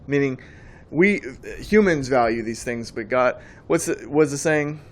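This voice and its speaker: A man's voice: mid-range voice, animated, unhurried. A man giving a preaching monologue on faith, emphatic and rambling, often repeating his words as he goes. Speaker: Christian speaker.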